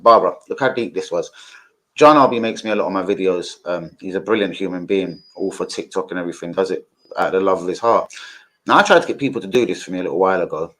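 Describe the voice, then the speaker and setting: A man's voice: sits low, fast talker, fairly bright tone, low-quality recording. Rambling, swearing man. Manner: rambling, swearing, many fillers. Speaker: football streamer. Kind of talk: casual live-stream chat.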